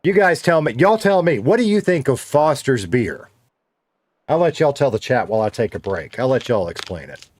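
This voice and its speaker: A man's voice: medium pitch, big pitch swings, normal speed, no echo. A man, chatting casually on a game livestream and reading viewer comments aloud. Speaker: streamer host.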